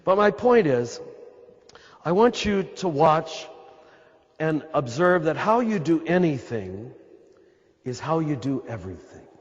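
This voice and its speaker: A throaty American man preaching as a priest, his voice sitting a little high for a man. He is emphatic, circles back on his points and talks straight to the crowd. The sound is dull and lo-fi and rings with a long hall reverb. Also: sing-song, measured pace, pauses often, slightly rough. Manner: emphatic and repetitive, speaks straight to the listeners. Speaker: Catholic priest. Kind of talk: spiritual talk to a live audience. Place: large hall with an audience.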